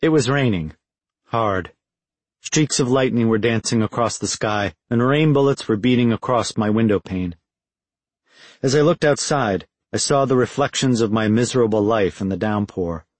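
A man reading a first-person audiobook in a measured, reflective way. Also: fairly low pitch, no echo. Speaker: audiobook narrator.

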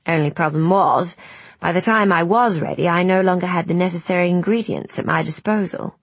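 A woman's voice: fairly low pitch, a little fast, slightly rough, no room sound. Woman reading a wry, blunt older friend. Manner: dry, blunt, self-mocking.

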